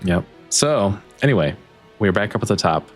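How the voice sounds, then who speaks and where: Low-voiced man running a tabletop game. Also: lively intonation, normal speed, soft background music. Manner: apologetic, chuckles often. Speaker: game master.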